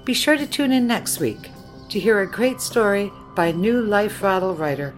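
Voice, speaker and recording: A woman's voice: mid-range voice, expressive, moderate pace, soft background music. A woman host reading a scripted closing announcement for a story program. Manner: plain announcing. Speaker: radio show host. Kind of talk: scripted outro.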